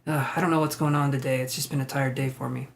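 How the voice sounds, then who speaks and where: A man's voice: medium pitch, little pitch movement, fast, gravelly. A man hosting a tarot live stream, chatting casually with viewers, joking, laughing and swearing freely.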